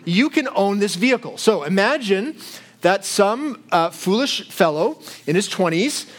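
A pastor preaches in a relaxed, conversational way, weaving in funny stories about himself. His voice sits high for a man. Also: unhurried. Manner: conversational storytelling with self-deprecating humor. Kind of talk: sermon.

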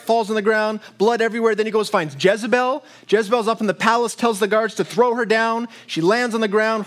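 A man's voice: high voice, fairly bright tone. A man preaching a sermon as pastor, teaching in a conversational way with frequent asides to his listeners.

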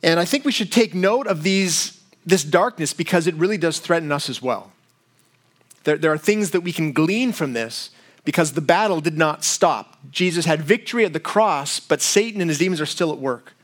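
Male pastor, middle-aged, slightly higher register, chatty sermon delivery. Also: lively intonation. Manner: conversational, retells a comedy sketch with quick voice shifts.

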